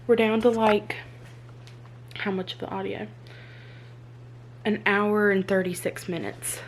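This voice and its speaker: A young woman, chatting casually in her reading vlog, excitable and full of rhetorical questions, recorded on a handheld phone. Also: medium pitch, takes it slowly, long pauses, a little hiss or hum. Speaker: book vlogger. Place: indoors, then moving between spots without a tripod.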